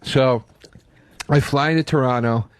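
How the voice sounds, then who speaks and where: A man co-hosting a comedy radio show, telling a story and acting out his own shouting. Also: medium pitch, a little slow, clean tone, no echo. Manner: animated storyteller who acts out his own yelling. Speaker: co-host. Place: radio studio.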